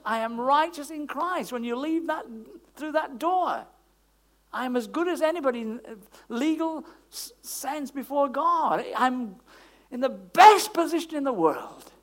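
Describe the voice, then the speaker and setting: Lively preacher, conversational. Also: high-pitched, a little slow. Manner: conversational, with frequent tag questions and asides; lively, emphatic delivery. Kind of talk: sermon.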